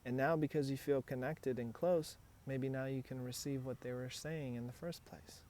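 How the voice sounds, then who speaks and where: A man's voice: medium pitch, fairly even intonation, moderate pace, darkish tone, slight background noise. A man speaking as a hypnotist and relationship coach, giving earnest, direct advice on handling emotional triggers. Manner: earnest, coaching, acts out example dialogues.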